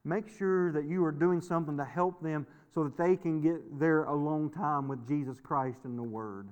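A man's voice: fairly high pitch, normal speed, few pauses, a little mellow, dull audio. A middle-aged male pastor preaching a sermon in a folksy, storytelling way, repeating words and laughing often. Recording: long hall reverb.

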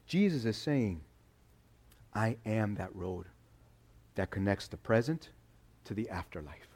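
A man with a lowish voice preaching a sermon. He talks casually to the congregation and acts out the quotes he tells. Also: measured pace, husky. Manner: conversational, animated preaching with acted quotes. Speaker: pastor.

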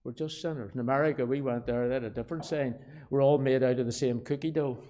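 A man with a Belfast accent preaching a sermon, shifting from quiet asides to loud, emphatic declarations and repeating key phrases. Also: medium pitch, fairly even intonation, fast talker. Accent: Northern Irish, Belfast. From Northern Ireland. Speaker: pastor.

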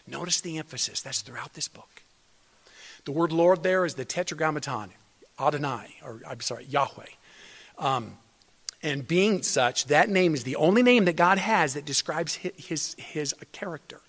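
A man's voice: fairly high pitch, animated, moderate pace, fairly bright tone. A man preaching a sermon as pastor, earnest, restarting phrases and building to emphatic peaks. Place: church sanctuary. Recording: long hall reverb.

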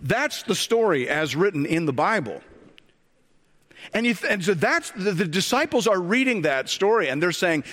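A man's voice: sits high, sing-song, normal speed, a bit bright. A man preaching a sermon in a slightly raised voice, friendly and conversational, often stopping for a joke or a question to the room. His words trail off into the long reverb of a big hall, as in a church sanctuary. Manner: conversational with joking asides and rhetorical questions. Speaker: pastor.

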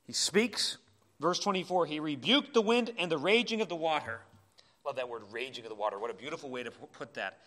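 A man preaching a sermon in a church, impassioned, swinging between urgent cries and quiet asides. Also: a little high, expressive, brisk. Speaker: pastor.

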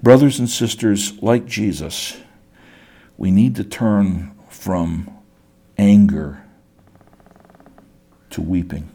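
A man's voice: low-pitched, slow, pauses often, mellow, slightly rough. A middle-aged man preaching a sermon as pastor, earnest, often repeating words as he builds a point.

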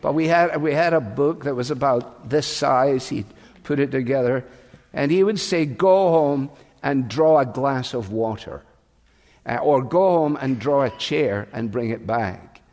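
A man's voice: medium pitch, measured pace, darkish tone. An older man preaching a sermon as pastor, raised in England, in a conversational, storytelling way. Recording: long reverb of a large hall.

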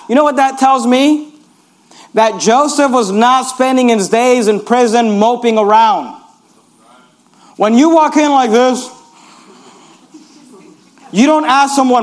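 A male pastor preaching a sermon in an animated, repetitive way, reading scripture and urging listeners to notice each point. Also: very high-pitched, a little slow, long pauses.

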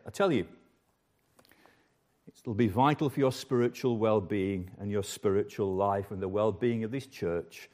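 A man's voice: mid-range voice, mellow. An older man preaching a sermon as the church's pastor, earnest and emphatic, repeating key phrases for weight.

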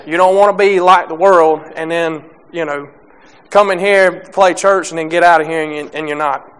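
Young male preacher, unpolished and hesitant delivery, clear resonant tone. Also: on the high side, steady tone, a bit bright. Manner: halting, many restarts and fillers. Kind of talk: sermon.

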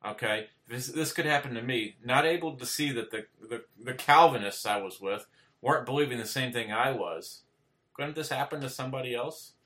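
A man's voice: mid-range voice, moderate pace, bright, forceful tone. A man giving an informal sermon to camera, earnest and plainspoken, checking in with "okay?" and rising to emphatic repetitions. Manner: earnest, repeats "okay?" often, restarts, rises to emphatic peaks. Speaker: preacher. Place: indoors, speaking to camera.

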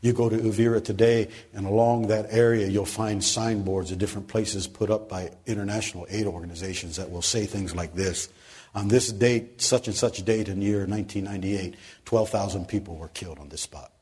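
Man, preacher, sermon storytelling, husky, fairly low voice, loud then hushed. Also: a little fast. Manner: animated storyteller, rising loud for emphasis then dropping soft.

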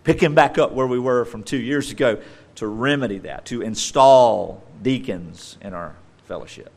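Delivering a sermon at a moderate pace, this middle-aged male pastor has a mid-range voice. He alternates loud emphasis with soft, conversational asides.

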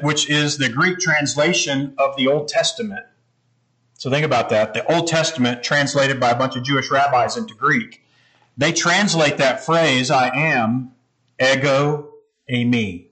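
A man's voice: mid-range voice, sharp tone, low-quality recording. A man preaching a sermon, explaining scripture in a conversational, teaching manner. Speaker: pastor.

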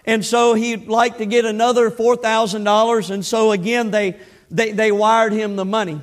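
A preacher delivers his sermon in a conversational tone, with a strikingly high-pitched male voice. He repeats and restarts his phrases as he talks the congregation through scripture and a story. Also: level tone, normal speed.

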